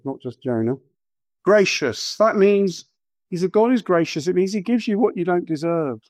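A middle-aged man preaching a sermon, animated and acting out quotes with exaggerated voices. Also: on the high side, no room sound.

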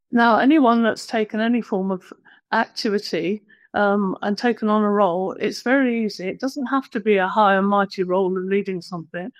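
A woman's voice: mid-range voice, no echo. Plain-spoken woman preaching. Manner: conversational, self-deprecating, plain-spoken. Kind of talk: sermon.

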